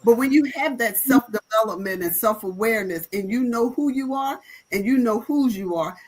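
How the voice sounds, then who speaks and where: A woman's voice: a little high, moderate pace, low-quality recording. A woman pastor speaking on a live panel, emphatic and encouraging, with a preaching flavor.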